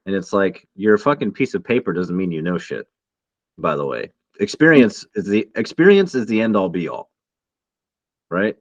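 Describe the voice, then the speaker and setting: A man's voice: fairly low pitch, sing-song, normal speed, no room sound, lo-fi sound. A man co-hosting a podcast in a casual chat, talking reflectively and searching for his words. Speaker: podcast co-host.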